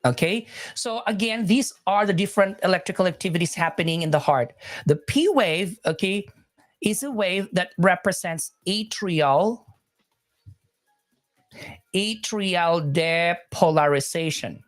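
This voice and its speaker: A woman's voice: on the low side, animated, unhurried, soft background music. Chatty woman teaching nursing. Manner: repetitive, self-correcting, chatty with viewers. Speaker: nursing exam lecturer. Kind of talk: live-streamed teaching.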